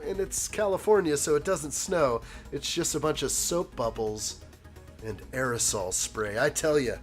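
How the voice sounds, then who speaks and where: A man in his thirties with a noticeably hoarse voice hosts a casual live stream, chatting and joking with viewers as he builds. His pitch sits in an ordinary middle range, and faint music plays underneath. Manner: chatty and joking, reads viewer comments aloud. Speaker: live stream host building a toy set.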